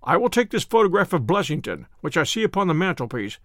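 A man voicing a calm, confident male detective who explains his findings in a measured way. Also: fairly high pitch, dry recording, studio quality. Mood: assured.

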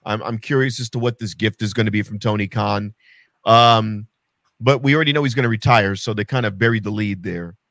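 A man casually chatting about wrestling as a podcast co-host, animated and sarcastic, swearing freely. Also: on the low side, a little fast, dry recording, clean studio sound.

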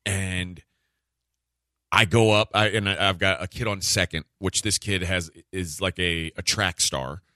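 A man hosting a sports radio show, telling a story in casual chat, animated and acting out the quotes with frequent laughs. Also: sits low, a little slow, no echo, clean studio sound. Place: radio studio.

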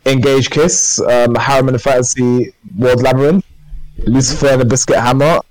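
A man's voice: mid-range voice, fairly even intonation, normal speed, a little mellow, dry recording, rough recording. A man co-hosting a podcast, chatting casually and enthusiastically in a rambling way. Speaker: podcast co-host. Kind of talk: casual chat.

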